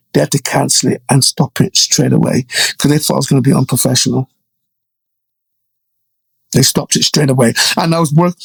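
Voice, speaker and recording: A middle-aged man from Jamaica, a guest DJ telling stories in a casual interview, animated and checking in often with "you know" and "right?". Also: fairly high pitch, creaky, slightly rough, dry recording.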